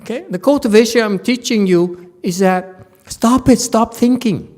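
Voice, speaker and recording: A man's voice: high voice, moderate pace, a little mellow. A male Buddhist teacher giving an informal Dharma lecture in a meditation center hall, speaking bluntly and scolding, repeating words for emphasis.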